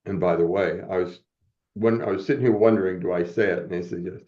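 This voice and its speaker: A man as a guest giving an earnest, halting personal testimony, often moved as he speaks. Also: low voice, steady tone, mellow, lo-fi sound.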